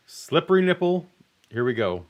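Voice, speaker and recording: A man co-hosting a casual livestream chat, talking in a relaxed, hesitant way and laughing now and then. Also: on the high side. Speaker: co-host.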